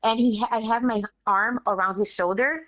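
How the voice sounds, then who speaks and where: Animated woman telling a story. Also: on the high side, moderate pace, no room sound, highs cut off. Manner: animated, acts out quoted voices, swears casually. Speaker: guest. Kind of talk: casual storytelling interview.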